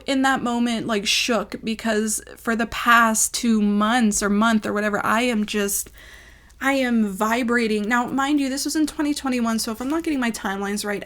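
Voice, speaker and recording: A woman's voice: fairly high pitch, fairly even intonation, normal speed, a bit bright. A woman telling a personal story in a vlog, in a rambling, emotional way with lots of fillers. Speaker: ASMR creator.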